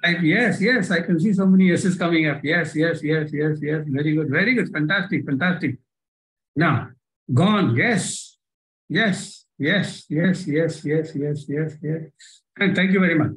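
A man's voice: a little high, measured pace, fairly bright tone, rough recording. A man with an Indian English accent leading a live online workshop by video call, coaxing listeners through exercises with lots of repetition. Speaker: workshop trainer.

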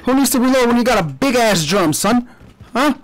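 A young man calls out a shooter match live in a high, restless voice, trash-talking and yelping as fights break out. His pitch leaps all over the place. Faint noise sits under the recording. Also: fairly quick. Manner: excitable, profane trash talk and sudden yelps. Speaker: gaming streamer. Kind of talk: live gameplay commentary.

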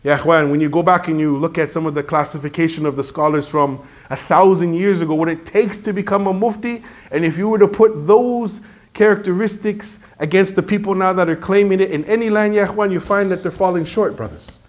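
A man's voice: high-pitched, fairly quick. A man delivering a sermon, telling stories with emphasis and dropping in Arabic phrases. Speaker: preacher.

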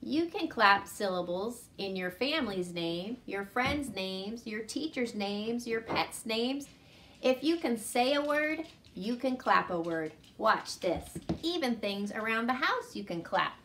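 Woman teacher for a kids' reading lesson, slow and sing-song, light background hiss. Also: fairly high pitch, animated, a bit bright. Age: adult with a son. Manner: slow and sing-song, clapping syllables aloud. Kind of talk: children's lesson.

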